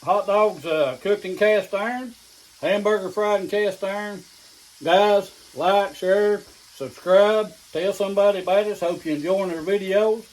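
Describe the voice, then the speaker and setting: A skillet sizzles as a middle-aged man with an East Tennessee accent runs his casual home cooking vlog from his kitchen, folksy and down-home, sometimes speaking as he eats. He has a high voice and a measured pace, and the recording quality is low.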